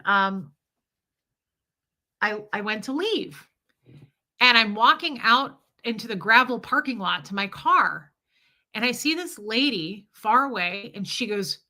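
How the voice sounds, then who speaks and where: Woman vlogger w/ a bright crisp voice, chatty candid storytelling, answering viewer comments. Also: medium pitch. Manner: chatty and candid, with frequent laughter and asides to the audience. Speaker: vlogger talking to her viewers.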